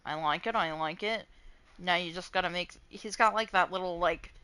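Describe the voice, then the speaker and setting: A woman streamer giving casual, excitable gaming commentary, cursing and laughing often. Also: lowish voice, moderate pace, clean tone, dry recording.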